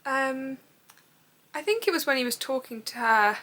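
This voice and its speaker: A young woman talking straight to her camera in a casual reading vlog. She gushes and giggles, rambles on excitedly and swears now and then. Her voice sits a little high and sounds bright and sharp. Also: moderate pace. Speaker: book vlogger.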